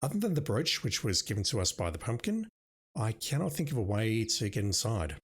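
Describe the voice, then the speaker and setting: Casting: low-voiced male gamer, lively swinging pitch, casual playthrough chatter. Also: fairly quick. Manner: thinking aloud, wry asides. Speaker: let's-play gamer. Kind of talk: casual gameplay commentary.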